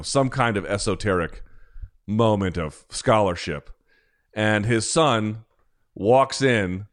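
A man hosting a podcast, talking in a rambling, sarcastic, self-deprecating way in casual comedic chat. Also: fairly low pitch. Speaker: podcast host.

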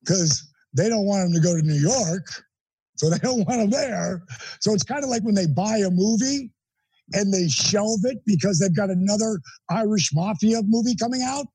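A middle-aged man with a high, husky voice tells a personal story in an interview. He is animated and emphatic, with a mellow tone. The recording is close and dry. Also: dry recording, low-quality recording. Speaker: interview guest.

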